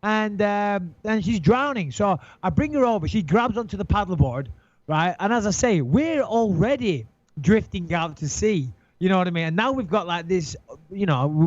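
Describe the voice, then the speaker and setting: A middle-aged man telling an animated, swearing anecdote in casual chat, acting out his own panic. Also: sits high, normal speed, dry recording. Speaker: guest storyteller. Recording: dull lo-fi sound, dry.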